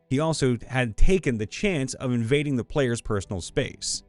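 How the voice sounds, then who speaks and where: A man narrating listener stories about tabletop games in a playful, expressive way. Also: mid-range voice, normal speed, hardly any pauses, faint music behind. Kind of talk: reading tabletop game anecdotes aloud.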